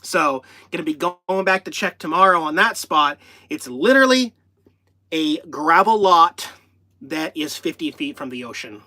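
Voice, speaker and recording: A man's voice: fairly high pitch, expressive, unhurried, pushed and bright. A man chatting casually on a livestream from inside his parked RV, rambling and talking to his pets and the live chat. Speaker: RV vlogger hosting a livestream.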